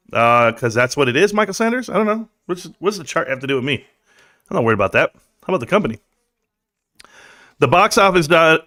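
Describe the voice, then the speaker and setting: Male streamer, loose and animated, bright edge, sits a touch high. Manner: loose, slangy, animated, reads chat aloud. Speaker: livestream host. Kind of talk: casual livestream chat.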